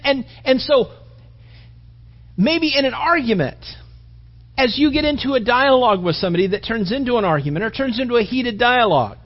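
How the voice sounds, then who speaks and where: A male pastor giving a joking, rambling conversational sermon in a dull recording. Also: extremely high pitch. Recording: dull lo-fi sound.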